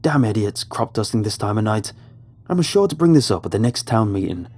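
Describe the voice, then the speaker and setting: A man voicing a gruff, irritated middle-aged farm father with a Midwestern accent, blunt and snappish, in a horror story reading. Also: sits high, huge pitch swings, slow, warm tone, voice pushed up, full character voice.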